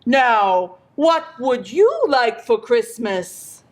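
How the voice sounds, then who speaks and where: A woman reading aloud, putting on a jolly, booming voice for old Santa Claus in a storybook. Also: very animated, very slow, full character voice. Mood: gentle.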